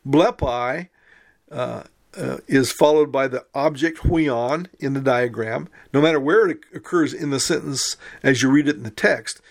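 A man of middle pitch gives a recorded grammar lecture in a patient, methodical way. He reads example words slowly and now and then stops to correct himself. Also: gravelly. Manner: patient, methodical explaining, slow careful reading of Greek words; occasional restarts and self-corrections. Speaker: Greek teacher.

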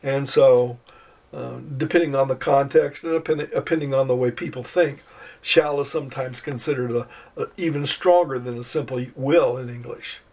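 An older man lecturing on New Testament Greek grammar, measured and deliberate, slowing down to spell out each Greek word. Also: mid-range voice, steady tone, darkish tone. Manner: measured, slows to spell out Greek words, some restarts. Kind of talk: recorded lecture.

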